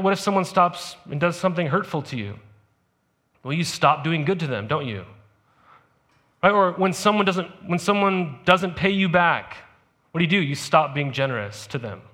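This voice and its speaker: High-voiced man preaching conversationally. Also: fairly bright tone. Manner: conversational, peppered with "right?" asides. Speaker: pastor. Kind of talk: sermon. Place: church service.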